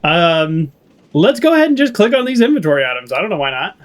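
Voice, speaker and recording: This let's play streamer talks fast in a slightly high, sing-song voice with a West Coast American accent. As he plays and reacts to the game, he rambles chattily, full of fillers and laughter.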